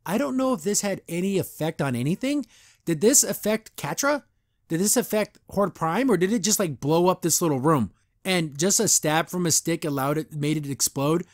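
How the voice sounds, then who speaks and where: A man's voice: fairly high pitch, animated, moderate pace, no echo, studio quality. Exasperated man ranting on a podcast. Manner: exasperated, sarcastic, laughs often, mimics characters in mocking voices. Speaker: podcast host reviewing a cartoon episode. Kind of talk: casual recap and rant.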